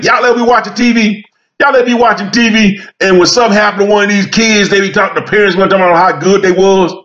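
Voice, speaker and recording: A man tells a long story in a loose, rambling way. He often repeats himself and slips into playful voices. His pitch sits mid-range, and the recording sounds slightly dull and lo-fi. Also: fairly bright tone. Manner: rambling, repeats phrases, colloquial speech. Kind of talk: casual storytelling monologue.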